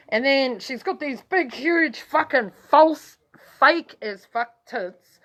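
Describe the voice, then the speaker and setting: A woman with a New Zealand accent rambles through a crude personal story for her vlog. Her voice sits a little high and leaps higher when she gets excited. She swears freely and talks bluntly, like she's chatting with mates. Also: slow pace, few pauses. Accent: New Zealand English. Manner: animated, voice jumps up when excited. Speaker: vlogger.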